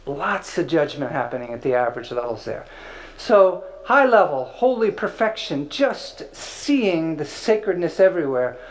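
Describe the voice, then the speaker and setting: A man's voice: a little high, very animated, moderate pace, poor audio. A man teaching an informal spiritual class, conversational and playful, with filler words.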